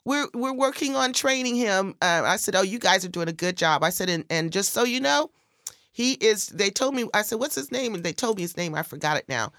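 A woman tells a story in casual conversation, throwing her voice high for each quoted line. The sound is close and dry, with no room around it. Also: expressive, brisk, fairly bright tone, no room sound. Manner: acts out quoted voices with big pitch jumps. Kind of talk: casual chat, animated storytelling.

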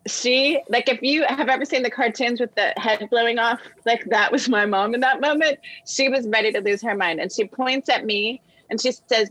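A woman guest on a discussion show, telling a personal story with animated quoted voices. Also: fairly high pitch, normal speed, few pauses, no echo, rough recording. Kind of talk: storytelling in conversation.

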